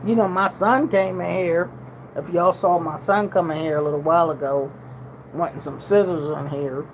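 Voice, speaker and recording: Talking at a normal speed, a woman in her sixties hosts a livestream and chats easily with her audience. Her delivery is laid-back and drawling, full of slangy, everyday grammar, and her pitch stays steady in the middle range. Faint room noise sits under a low-quality recording.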